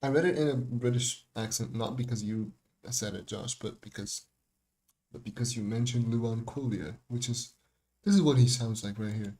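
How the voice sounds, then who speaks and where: A young music producer rambles through a casual livestream breakdown of his own remix, full of fillers, restarts and laughs. His mid-range voice is mellow and moderately paced, with faint music in the background.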